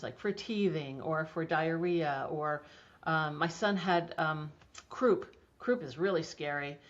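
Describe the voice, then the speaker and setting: A middle-aged woman guest talking enthusiastically about homeopathy in a casual interview, chatty with many restarts. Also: fairly low pitch. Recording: dull lo-fi audio.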